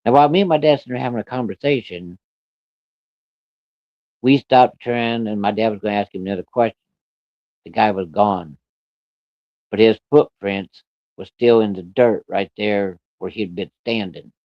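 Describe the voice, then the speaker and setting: A man telling a story of his own in a blunt, profane, folksy way, with rough rural grammar. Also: on the low side, normal speed, pauses often, no echo. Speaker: storyteller recounting a personal encounter. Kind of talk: casual spoken storytelling. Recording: dull, lo-fi and dry.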